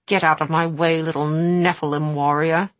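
A woman's voice: sits low, level tone, normal speed, no room sound, close to an everyday voice. A woman voicing a cold, menacing female villain in a storybook, silky and threatening.

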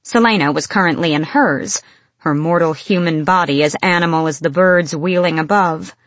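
A woman narrating an audiobook with a measured, expressive delivery. Her voice is on the low side for a woman. It is recorded close and dry, with no room sound. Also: no room sound. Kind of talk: scripted fantasy narration.

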